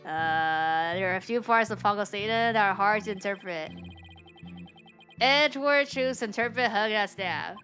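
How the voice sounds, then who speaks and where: A woman's voice: medium pitch, moderate pace, sharp tone, faint music behind. A woman streaming a game, reading its dialogue aloud and chatting in a rambling, filler-heavy way, laughing often. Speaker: VTuber streamer.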